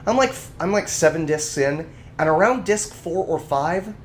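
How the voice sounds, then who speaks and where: Male co-host, animated casual chatter, very expressive delivery, slight noise floor. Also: a little high, normal speed. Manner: animated, ranting. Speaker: podcast co-host. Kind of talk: casual chat.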